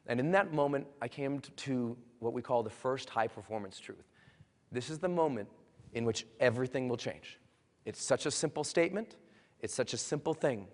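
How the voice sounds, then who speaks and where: A man giving a live motivational speech to an audience, moving from quiet storytelling to loud, bold rallying calls. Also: mid-range voice, normal speed. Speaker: motivational speaker. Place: large hall with an audience. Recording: long hall reverb.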